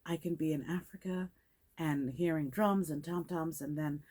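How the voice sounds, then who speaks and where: An older woman with a very low voice and a Caribbean British accent talks in a measured, reflective way as an interview guest. Now and then she acts out the people she quotes. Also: fairly even intonation, a little mellow. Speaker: guest actress.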